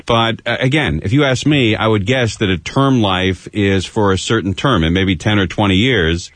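A man's voice: fairly low pitch, normal speed, fairly bright tone, no room sound. A man hosting a radio talk show, chatting loosely and teasing his co-host, speaking into a studio microphone. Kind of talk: casual radio chat.

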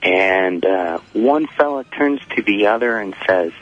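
A man's voice: lowish voice, animated, a little slow, a bit bright, faint music behind. A man in his thirties calling a radio show, nervous and stumbling. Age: 30s. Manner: stumbling, hesitant. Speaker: caller. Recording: muffled phone line.

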